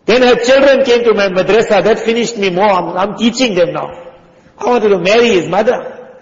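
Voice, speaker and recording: Fervent male preacher, higher voice, dull recording in a long-echo hall. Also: brisk. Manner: impassioned, acts out quoted voices, drops to hushed tones. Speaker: Islamic preacher. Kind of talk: sermon. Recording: dull sound in a reverberant hall.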